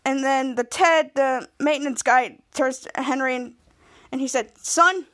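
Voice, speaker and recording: A woman with a high, bright voice recaps a TV episode in casual podcast chat. She rambles and restarts mid-sentence, stacking "and then" after "and then". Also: fairly even intonation, normal speed. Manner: rambling retelling with restarts, acting out quoted lines. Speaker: podcast host.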